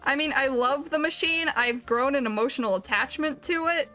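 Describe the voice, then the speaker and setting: Woman streamer, casual gaming chat, rambling, self-deprecating, bright and fairly high voice, faint music underneath. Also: normal speed.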